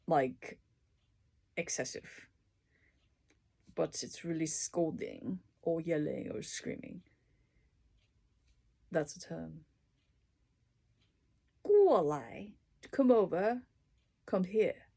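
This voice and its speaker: A woman reading through dictionary entries and explaining each one with everyday examples, in an unhurried, casual way. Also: on the low side, expressive, vocal fry, breathy edge. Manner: unhurried, explaining words with examples, soft asides. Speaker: language tutor.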